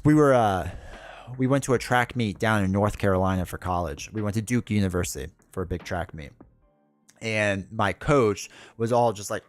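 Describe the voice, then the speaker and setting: A man's voice: lowish voice, normal speed, no room sound, faint music behind. A man chatting casually with viewers on a livestream, rambling through stories and laughing often. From United States. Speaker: streamer.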